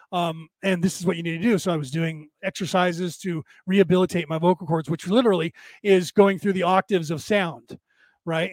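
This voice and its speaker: An older man talks into a close, dry mic. His worn voice sits a little high for a man, and he rambles on with restarts and asides. He sounds tired after hours of talking. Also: no echo. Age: older, with graying hair. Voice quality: says his voice is damaged but penetrating. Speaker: podcast host. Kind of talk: casual monologue.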